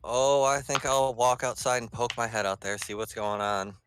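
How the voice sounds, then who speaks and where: A man's voice: medium pitch, moderate pace, a bit bright, slight background noise. A man playing in a tabletop game, with dry, laid-back remarks. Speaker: player.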